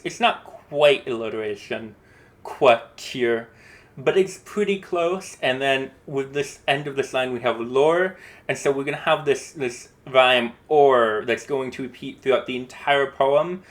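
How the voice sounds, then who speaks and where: A man casually talking through a poem as a lesson, thinking aloud with small restarts in a relaxed way. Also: medium pitch, measured pace. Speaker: host explaining a poem.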